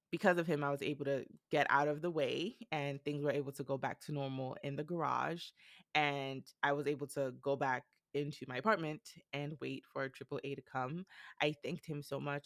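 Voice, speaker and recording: A young adult woman hosting a podcast, telling a personal story in a casual, animated way and acting out the dialogue. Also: deep voice, gravelly, no room sound, studio quality. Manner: animated, retells events with quoted dialogue. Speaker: podcast host.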